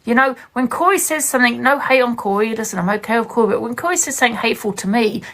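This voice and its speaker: A woman's voice: a little high, fast talker, few pauses, fairly bright tone. A woman giving blunt, emphatic commentary on a live stream, talking straight to her viewers. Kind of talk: casual ranting commentary.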